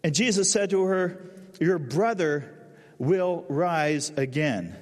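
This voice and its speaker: Man, pastor, sermon, slightly high voice, long hall reverb. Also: animated, takes it slowly. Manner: emotional, drops to soft low voice at solemn lines.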